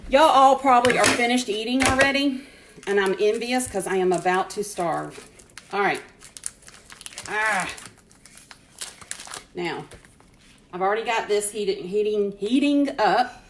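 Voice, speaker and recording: A chatty woman talks through her cooking in a home kitchen, calling out hellos to viewers as she goes. Her voice sits at an ordinary middle pitch. The room is echoey, with a little background noise. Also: measured pace, pauses often. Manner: chatty, greets viewers by name, laughs often. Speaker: host cooking on a live stream. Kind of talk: casual live cooking chat.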